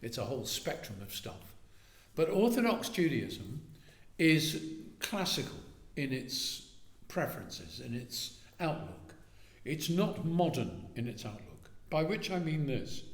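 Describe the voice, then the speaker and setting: A man giving a lively talk on Jewish thought in a synagogue, acting out little dialogues and often asking "right?". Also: on the high side. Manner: animated, acts out little dialogues, asks "right?". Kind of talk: lively lecture to a synagogue audience. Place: synagogue hall. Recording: echoey hall.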